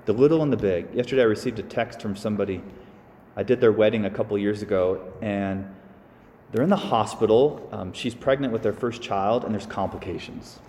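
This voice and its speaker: Priest in an echoey hall. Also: male voice, on the low side, brisk, a little hiss or hum. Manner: casual and animated, with sighs and small asides. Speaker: Catholic priest. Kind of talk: conversational homily.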